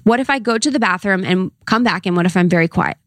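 A woman voicing a sweet, gentle male house cat who politely bargains, told as a funny story. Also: medium pitch, fast talker, no echo, clean studio sound, lightly acted. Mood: agreeable.

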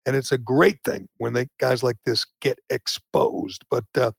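A man hosting a political talk show, indignant and opinionated, often rising into loud outbursts. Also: mid-range voice, fairly even intonation, unhurried, gravelly, husky, no room sound. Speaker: podcast host.

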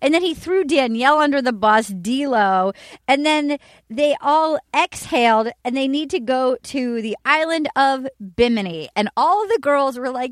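A high-pitched woman with a bouncing, lively voice, chatting as a comedy podcast co-host. She swears freely and acts out other people's reactions. The sound is close and dry. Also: moderate pace, dry recording. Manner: animated, swearing, exaggerated quoting. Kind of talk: casual comedic chat.

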